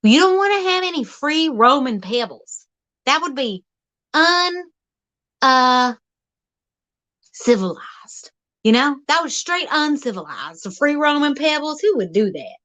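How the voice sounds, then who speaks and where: High, lively woman vlogger. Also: a little slow. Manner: folksy, rambling, animated, teasing. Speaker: vlog host. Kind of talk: playful comic monologue. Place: outdoors.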